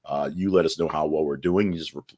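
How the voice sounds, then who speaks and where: Deep-voiced guy doing a casual news rundown, kinda rambly, wry little jokes. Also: steady tone, quick pace, dark tone. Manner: chatty, rambling, wry asides. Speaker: podcast news host.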